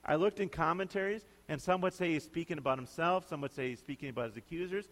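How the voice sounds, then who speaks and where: A man's voice: fairly high pitch, quick pace, a bit bright. A male pastor preaching a sermon in a conversational, emphatic way, often putting questions to his listeners. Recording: long hall reverb.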